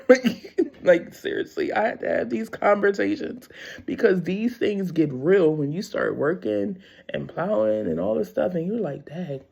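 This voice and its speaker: Husky gravelly middle-aged woman vlogger. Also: on the low side, a little mellow. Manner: candid and rambling, with frequent laughs. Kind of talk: casual faith talk.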